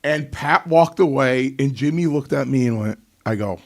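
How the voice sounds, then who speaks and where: A man's voice: medium pitch, normal speed. A middle-aged man, a podcast co-host, telling stories in a casual chat and acting out other people's lines. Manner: animated anecdote-telling, mimics others. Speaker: co-host, former wrestler.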